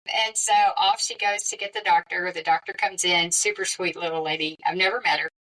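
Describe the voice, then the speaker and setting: A middle-aged woman, a podcast guest, telling a personal story in a lively, conversational way. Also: fairly low pitch, a little fast, far from the mic, poor audio. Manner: lively, conversational, with frequent quoted dialogue.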